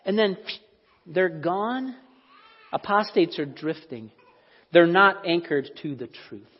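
A pastor preaches a sermon in a conversational, storytelling way, acting out the voices he quotes. His voice is high and husky with lively intonation, and he takes it slowly. The sound is dull and lo-fi in an echoey hall.

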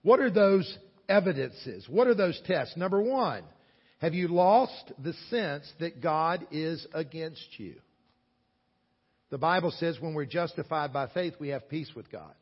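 A man in his sixties from the American South with a Southern accent, preaching a sermon earnestly, with loud stresses and quiet asides. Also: a little high, animated, measured pace, slightly rough. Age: 60s. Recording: long hall echo, dull lo-fi sound.

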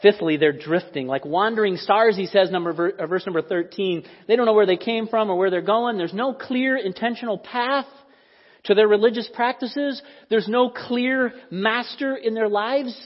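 A man's voice: sits high, normal speed. A man preaching a sermon as pastor, talking in a conversational, storytelling way. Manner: conversational storytelling, acts out quoted voices. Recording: echoey hall, dull lo-fi sound.

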